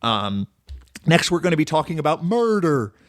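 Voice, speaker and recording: A man's voice: fairly high pitch, very animated, moderate pace, no echo, studio quality. A man hosting a casual solo film podcast, rambling and enthusiastic, full of "like" and "um". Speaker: podcast host.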